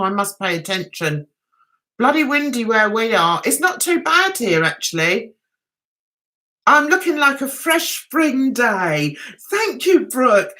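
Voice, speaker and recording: A woman chatting on a livestream, rambling and giggly as she talks straight to her viewers. Her voice is high and bright, and it bounces all over the place. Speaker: vlogger hosting a livestream. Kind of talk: casual livestream chat.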